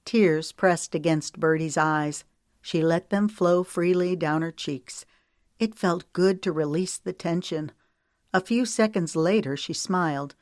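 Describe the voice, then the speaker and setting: A woman reading an audiobook romance in a measured, calm voice. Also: on the low side, no room sound, studio quality. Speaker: audiobook narrator. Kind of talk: scripted narration.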